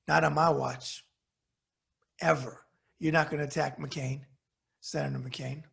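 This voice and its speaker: Gravelly, husky man ranting hotly. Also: fairly high pitch, a bit bright. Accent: New York. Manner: heated, cursing, blunt. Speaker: commentary show host. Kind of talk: angry profane rant to camera.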